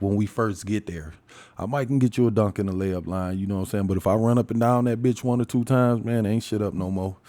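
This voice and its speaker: A man in his forties rambles alone into a podcast mic, swearing and laughing as he goes. His voice sits low and mellow, and he speaks with loose, storytelling energy. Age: 40s. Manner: profane, animated storytelling with frequent laughs. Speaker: podcast host. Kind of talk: casual solo podcast monologue.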